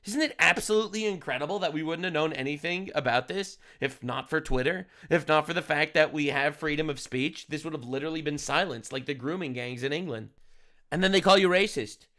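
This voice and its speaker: A man's voice: a little high, brisk, bright, forceful tone. A man streaming commentary over video clips, crude, heated and sarcastic in his delivery.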